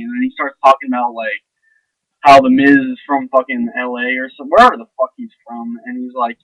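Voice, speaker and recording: A man's voice: medium pitch, expressive, a little fast, dry recording, poor audio. A young man ranting to camera in a blunt, sarcastic, profane and rambling way. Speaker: vlogger. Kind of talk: casual ranting monologue.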